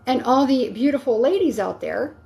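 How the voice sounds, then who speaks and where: High-voiced chatty woman giving a tarot reading. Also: expressive, moderate pace, creaky, dark tone. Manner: casual, encouraging, rambling with many fillers. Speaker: tarot reader.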